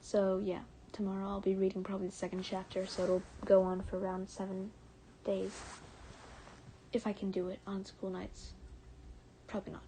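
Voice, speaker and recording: Young American woman, warm mellow tone, casual read-aloud streamer who stumbles, giggles and whispers now and then. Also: medium pitch, monotone, moderate pace, slight background noise, poor audio. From United States. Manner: stumbles over words, giggles, drops into soft whispers. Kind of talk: reading fan fiction aloud on a livestream.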